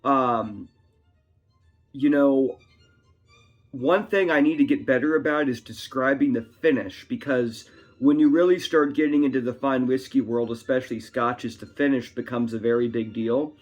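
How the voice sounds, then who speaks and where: A man talks his way through a whiskey review at home in a loose, rambling manner, pausing for asides. His voice sits at a middle pitch, recorded by a camera on a tripod. Faint classical music plays in the background. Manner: chatty, rambling talker with frequent asides. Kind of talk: casual tasting review.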